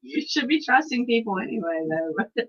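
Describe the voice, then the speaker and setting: A woman co-hosting a radio morning show in casual banter, teasing and quick to laugh, greeting listeners by name. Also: on the high side, expressive, slightly rough. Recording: muffled lo-fi live stream audio.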